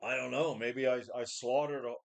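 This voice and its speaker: A man's voice: medium pitch, little pitch movement, moderate pace, creaky. A man in his forties talking casually to his webcam from a home gym, blunt and profane, often sighing and restarting. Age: 40s. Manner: blunt, profane, weary, full of sighs and restarts. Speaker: vlogger. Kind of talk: casual rambling talk to a webcam.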